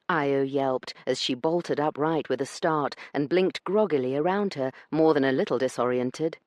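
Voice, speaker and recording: A man reading a romance audiobook in steady, scripted narration. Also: fairly high pitch, a little slow, hardly any pauses, no echo, clean studio sound.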